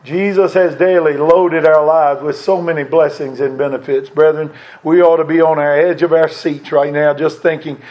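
A man's voice: fairly even intonation, moderate pace. Fervent preaching man, muffled recording. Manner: fervent preaching, swelling louder and higher on key lines. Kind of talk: sermon.

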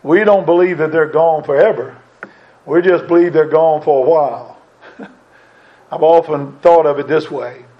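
Fervent preaching man, muffled recording. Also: unhurried. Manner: fervent preaching, swelling louder and higher on key lines. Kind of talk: sermon.

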